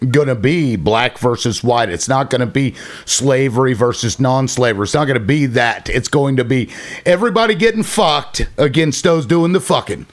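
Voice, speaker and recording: A man speaking bluntly and with profanity in a heated political panel chat. His voice sits at a middle pitch. He talks in a plain, unpolished way. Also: animated, moderate pace.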